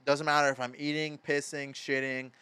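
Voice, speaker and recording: This Madison, Wisconsin, native in his twenties guests on a podcast, telling relaxed stories laced with swearing and constant "like"s in an animated way. His voice is a little high and clean, at normal speed.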